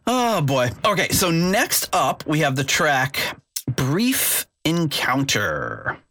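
A man's voice: a little high, lively intonation, a little slow, bright, forceful tone. A man hosting a music podcast, chatting casually with many fillers and mimicking lyrics. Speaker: podcast host.

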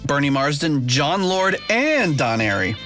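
A man's voice: on the high side, sing-song, measured pace. A man hosting a music podcast, chatting casually with many fillers and mimicking lyrics. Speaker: podcast host.

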